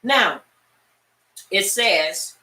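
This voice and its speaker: A woman teaching a Bible class, telling the story as a lively storyteller and speaking straight to her class. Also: mid-range voice, extremely slow. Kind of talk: animated Bible-study teaching. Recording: echoey room, far from mic.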